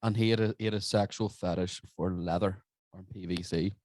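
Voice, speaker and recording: A Northern Irish man chats as a podcast guest, spinning crude stories and swearing freely. His voice sits on the low side and sounds dry and close. He laughs easily at his own tales. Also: fairly even intonation, fairly quick, a little mellow, no echo. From Northern Ireland. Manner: crude, joking storyteller, heavy swearing. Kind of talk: casual podcast chat. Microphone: remote call.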